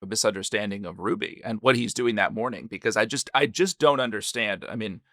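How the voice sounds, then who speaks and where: A man's voice: fairly low pitch, fairly quick, a bit bright, no room sound, clean studio sound. A man co-hosting a podcast, skeptical and methodical as he picks apart an argument. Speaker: podcast co-host. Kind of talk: casual podcast discussion.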